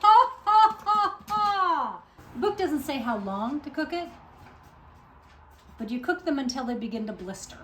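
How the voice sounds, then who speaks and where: A woman's voice: fairly high pitch, lively intonation, normal speed, long pauses. A woman filming a casual home cooking video, chatting and joking with herself as she works in her kitchen. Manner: chatty, self-mocking, talks to herself while cooking. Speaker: cooking vlogger. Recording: clear kitchen noise behind. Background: clattering dishes and pans.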